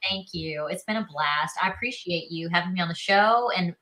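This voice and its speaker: A woman in her thirties from South Carolina with a warm Southern accent, a fairly low voice and a bright, forward tone. She talks in a chatty, upbeat way, full of "you know" and "like", as a guest on a video call interview. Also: moderate pace, slight background noise, poor audio. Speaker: guest, actress. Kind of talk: casual interview chat.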